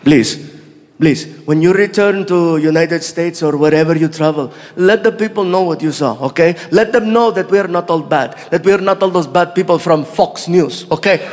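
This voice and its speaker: A comedian putting on an earnest fan. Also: male voice, a little high, voice pushed down, natural voice. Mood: pleading. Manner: earnest, pleading, halting with fillers. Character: emotional Middle Eastern man, earnest fan. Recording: live hall with crowd noise.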